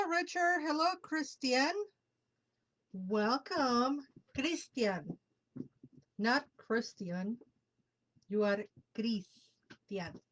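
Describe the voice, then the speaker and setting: Slow-talking woman hosting a tarot stream. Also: a little high, rough recording. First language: Spanish. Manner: chatty, greets viewers by name, slips in Spanish words. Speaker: tarot reader hosting a live show. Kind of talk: casual live-stream chat.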